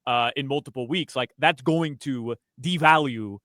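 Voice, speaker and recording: A man's voice: medium pitch, moderate pace, fairly bright tone, no echo, clean studio sound. Easygoing male sports radio host. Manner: conversational, filler-heavy. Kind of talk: casual sports radio chat.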